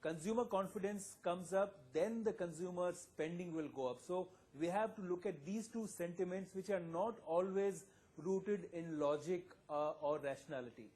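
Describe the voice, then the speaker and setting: A man speaking as an economist guest on a live TV news panel, explaining in a measured, analytical way. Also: sits high, a little mellow.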